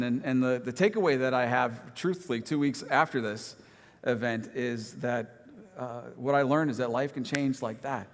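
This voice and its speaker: A man preaching in a church sanctuary, telling a personal story in a relaxed, self-deprecating way with humorous asides. His voice sits at an ordinary middle pitch. A long reverb trails every phrase. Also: normal speed. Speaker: pastor.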